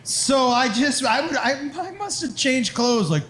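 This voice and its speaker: A man's voice: very high voice, lively intonation, unhurried, fairly bright tone, a little hiss or hum. A man telling a stand-up story on stage, acting out other people's voices and sound effects. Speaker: stand-up comedian. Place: live comedy club.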